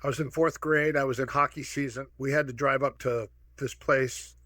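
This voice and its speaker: Guest in his sixties from Minnesota; animated anecdote-teller, dry close sound, mid-range voice. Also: mid-range voice, moderate pace, dry recording. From Minnesota, USA. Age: 60s. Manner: lively anecdotal, acts out quoted dialogue. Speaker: guest, martial arts pioneer. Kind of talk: casual storytelling.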